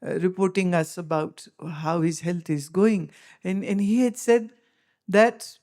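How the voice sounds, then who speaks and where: A woman's voice: fairly low pitch, unhurried, dark tone. A woman with an Indian English accent gives a spiritual discourse as a teacher, speaking emphatically and asking pointed rhetorical questions.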